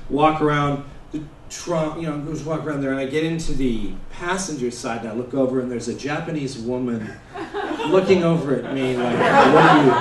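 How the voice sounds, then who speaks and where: Brief: male stand-up comic, loose rambling storyteller who bursts into shouted bits, echoey live-venue sound. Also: mid-range voice, moderate pace, a little hiss or hum. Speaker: stand-up comedian. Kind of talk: stand-up comedy set. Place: comedy stage before a laughing audience. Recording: roomy live venue, mic heard from a distance.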